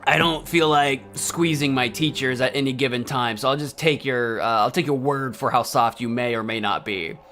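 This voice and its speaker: A man's voice: mid-range voice, normal speed, hardly any pauses, sharp tone, soft background music. A man hosting a let's play, reading game dialogue aloud and joking between the lines. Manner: playful, joking, reacts with bursts of laughter.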